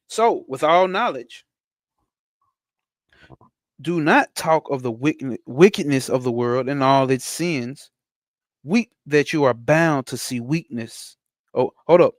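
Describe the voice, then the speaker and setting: A man teaching spirituality. He reads a text aloud slowly and breaks off into blunt, slangy asides with profanity for a live chat. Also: medium pitch, animated, no room sound, studio quality. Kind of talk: reading a text aloud and commenting on it.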